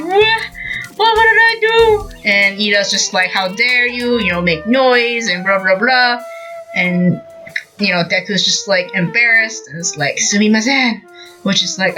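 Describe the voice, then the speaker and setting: A young woman chats through a manga recap on her podcast with a bright, forceful voice, rambling with plenty of fillers. She acts out the characters' lines as she goes, and faint music plays softly behind her. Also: medium pitch, rough recording. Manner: rambling, filler-heavy retelling with acted-out quotes. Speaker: podcast host. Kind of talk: casual chat recapping a manga.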